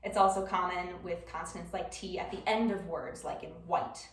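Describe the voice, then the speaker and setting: A woman's voice: on the low side, fairly even intonation, normal speed. A young woman with a Wisconsin accent giving a casual class presentation, chatty and informal with frequent ums. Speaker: student presenter. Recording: roomy classroom from far off.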